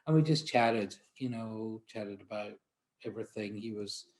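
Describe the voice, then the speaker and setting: A Scottish man from Glasgow with a Glaswegian accent and a somewhat low-pitched voice gives an anecdotal presentation about his portrait work. He talks in a chatty, self-deprecating way, often restarting his sentences. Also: moderate pace, very noisy. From Glasgow, Scotland. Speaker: portrait photographer giving a conference talk.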